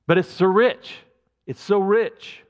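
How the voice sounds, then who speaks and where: A male pastor gives a casual, emphatic sermon, often stopping and starting over mid-sentence. His voice sits a little high for a man. The recording sounds dull and carries a long reverb from the hall. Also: slow. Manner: conversational, emphatic, with many restarts.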